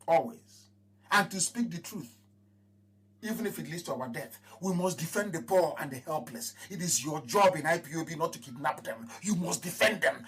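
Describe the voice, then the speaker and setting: A man with a Nigerian accent gives an impassioned live address to his followers. He repeats his phrases and swings between raised proclamations and low mutters. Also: animated, a little fast, slightly rough. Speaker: movement leader addressing followers.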